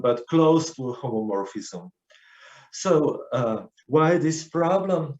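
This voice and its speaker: A man's voice: medium pitch, a little mellow, dull audio. Man lecturing in an echoey room. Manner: hesitant, many fillers and restarts. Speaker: conference speaker. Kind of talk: academic lecture.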